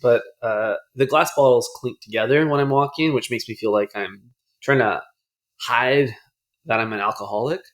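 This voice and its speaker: A man's voice: medium pitch, moderate pace. A young man co-hosting a podcast, chatting casually with dry, jokey asides. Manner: laid-back, dry jokey delivery. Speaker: podcast co-host. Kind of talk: casual chat.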